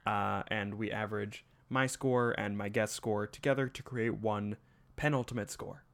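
A man's voice: on the low side, moderate pace, creaky. Young male podcast host, joking. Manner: joking, deadpan asides. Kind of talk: casual chat.

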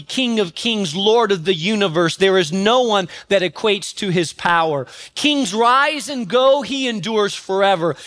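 A man preaching a sermon as pastor, building dramatically and rising to shouts on repeated refrains. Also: high-pitched, no room sound, studio quality.

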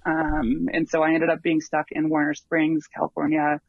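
Higher-voiced man, dull lo-fi sound. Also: monotone, moderate pace, no echo. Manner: rambling, full of ums and restarts. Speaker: long-distance hiker guest. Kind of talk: casual interview storytelling.

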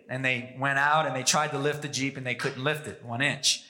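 A man preaching a sermon as pastor, emphatic, pushing his pitch and pace up and down for emphasis. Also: fairly quick, bright, forceful tone.

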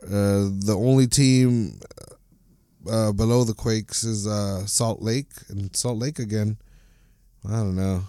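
Profane, ranting man with a low, mellow voice. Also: steady tone, slow, smooth, dry recording, clean studio sound. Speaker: podcast host. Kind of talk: solo sports podcast rant.

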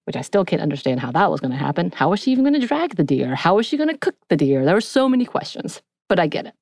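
A woman hosting a podcast, retelling a TV episode in a chatty, animated way and acting out bits of dialogue. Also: low-pitched, fast, hardly any pauses, dry recording, studio quality. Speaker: podcast host. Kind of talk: casual episode recap.

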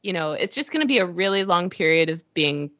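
A woman hosting a podcast in relaxed conversation, chatty, with many fillers and frequent laughs. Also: lowish voice, brisk, dry recording. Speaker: podcast host. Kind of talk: casual conversation. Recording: dull dry lo-fi sound.

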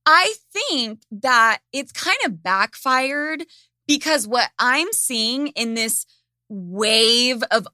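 A woman's voice: on the high side, pushed and bright, dry recording, clean studio sound. A woman hosting a casual chat, ranting sarcastically and swearing freely. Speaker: podcast host.

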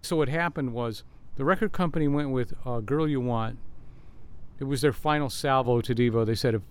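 A man's voice: medium pitch, moderate pace, clear, resonant tone. An older man, a guest musician, telling long rambling stories in an interview outdoors in a backyard, full of fillers and restarts. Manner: rambling, animated storyteller with many fillers. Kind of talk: storytelling interview answers.

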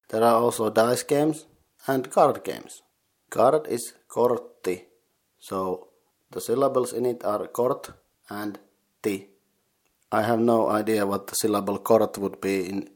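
A man hosting a podcast, teaching game words slowly, syllable by syllable, while sitting in an unheated sauna. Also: lowish voice. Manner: slow, careful syllable-by-syllable pronunciation. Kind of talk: casual language lesson.

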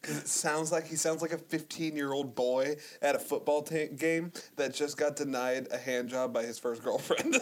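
A man's voice: fairly high pitch, fairly even intonation, moderate pace, few pauses. A man co-hosting a comedy podcast, chatting casually, laughing often with crude humor. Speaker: podcast co-host.

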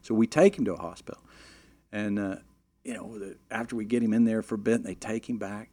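Middle-aged man spinning a lively anecdote. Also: on the low side, fairly quick. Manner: animated, with restarts and "you know" fillers. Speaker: storyteller. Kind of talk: casual anecdote telling.

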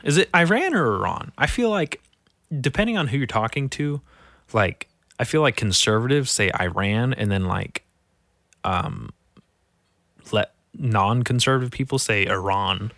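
A man's voice: medium pitch, big pitch swings, normal speed, pauses often, fairly bright tone, no room sound, studio quality. A young man hosting a solo podcast, grumbling and swearing as he reads out local headlines. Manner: profane, irritable, grumbling. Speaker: podcast host.

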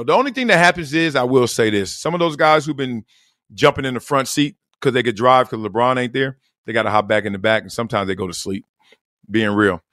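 A middle-aged man hosting a solo podcast, talking in slang, laughing often and acting out quotes with sudden loud bursts. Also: no echo, clean studio sound. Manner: animated, acts out quotes with big jumps in pitch and loudness. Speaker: podcast host. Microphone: close studio mic.

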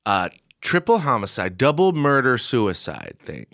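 A man's voice: medium pitch, wildly swooping pitch, measured pace, a bit bright, dry recording, clean studio sound. A man co-hosting a podcast, recapping a reality show in crude joking banter and slipping into mocking impressions. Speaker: podcast co-host.

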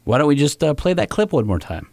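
Animated joking podcast co-host man. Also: a little high, fast talker, gravelly, very noisy. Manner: joking, animated, reads ads conversationally. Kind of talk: casual chat and host-read ads.

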